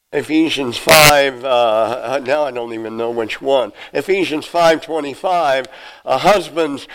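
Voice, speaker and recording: A middle-aged pastor preaching to his congregation, a man whose voice sits a little high for a man. He speaks earnestly and presses his listeners with questions. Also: poor audio. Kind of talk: sermon.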